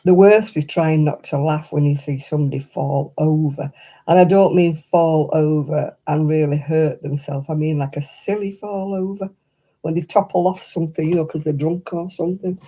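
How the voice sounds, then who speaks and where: An older woman hosts a crafting livestream, swapping stories in casual chat and laughing often. Her voice sits low and steady, warm in tone, at a moderate pace, with the manner of a chatty, anecdotal storyteller.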